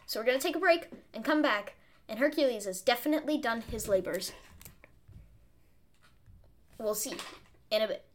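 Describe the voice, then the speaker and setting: A young woman with a high voice co-hosts a casual chat podcast. She retells an old myth in a rambling, giggly way, full of fillers and restarts. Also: lively intonation, moderate pace, pauses often, background noise. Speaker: podcast co-host.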